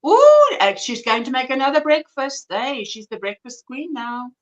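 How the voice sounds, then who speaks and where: South African woman, high and bright, easy chatter as a livestream host. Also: very animated, moderate pace, muffled recording. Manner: chatty, reads out viewer comments. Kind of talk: casual chat.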